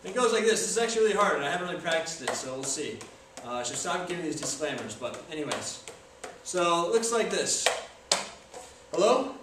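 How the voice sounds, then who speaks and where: A man's voice: a little high, sing-song, fast. A young man chatting casually in a joking, self-deprecating way as he films himself. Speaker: video maker. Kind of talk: casual self-filmed tutorial talk. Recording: echoey room from far off, faint noise.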